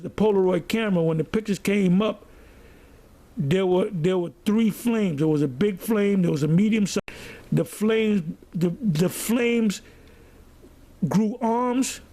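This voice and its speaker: Man, preaching and storytelling, high voice with a gravelly edge. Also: warm tone. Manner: storytelling, reads scripture aloud. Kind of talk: sermon.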